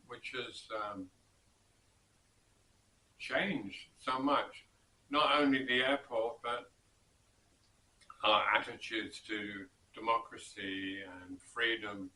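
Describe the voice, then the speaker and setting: A man telling a true story from his own past in a casual, rambling way, pausing often and correcting himself. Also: medium pitch, steady tone, sharp tone, reverberant, far from the mic, a little hiss or hum, poor audio. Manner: slow and rambling, with pauses and self-corrections.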